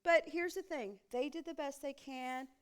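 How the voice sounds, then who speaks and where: A woman's voice: sits high, moderate pace. A woman pastor preaching a sermon in a church sanctuary, often turning to the congregation with rhetorical questions.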